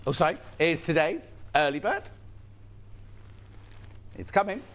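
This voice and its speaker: Male shopping-channel presenter, slightly high voice, chatty and playful. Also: very animated, unhurried, a bit bright. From United Kingdom. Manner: chatty, playful, reads viewer messages. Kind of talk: live TV sales presentation.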